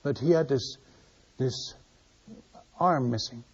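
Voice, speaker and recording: Husky older man preaching a story. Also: medium pitch, slow. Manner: animated, repeats words, acts out dialogue. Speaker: missionary preacher. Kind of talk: storytelling sermon. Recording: muffled lo-fi recording.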